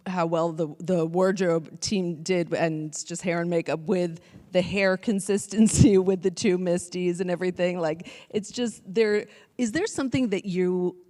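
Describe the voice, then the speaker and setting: A woman moderator with a slightly low voice asks relaxed questions of a stage panel. She reads out audience questions between her own. The sound rings with the long reverb of a big auditorium.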